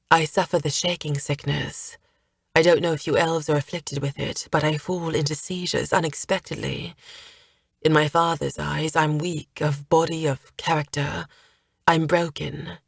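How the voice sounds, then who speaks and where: A woman's voice: low-pitched, gravelly, breathy edge, dry recording, clean studio sound, exaggerated voice. A woman voicing a hesitant, anxious young man. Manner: hesitant, halting. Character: young man, anxious, self-doubting, earnest.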